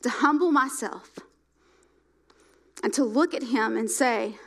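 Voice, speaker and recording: Preaching slowly in a high voice, a middle-aged woman repeats phrases to drive them home. Her delivery swings from forceful, loud lines down to near-whispers.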